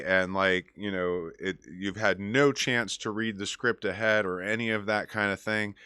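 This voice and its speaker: The show host, a DJ, has a lowish, sharp-toned, smooth voice in clean studio sound with no room sound. He chats casually on his music show, offering advice and telling stories in a rambling manner with many fillers and restarts.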